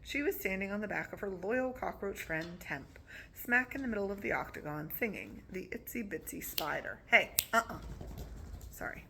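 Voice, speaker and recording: A woman reads a chapter of a novel aloud in a casual, unpolished way, stumbling and restarting now and then. Her voice is bright with a gravelly grain. A faint hiss of noise sits behind her. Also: mid-range voice, lively intonation, normal speed. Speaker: reader.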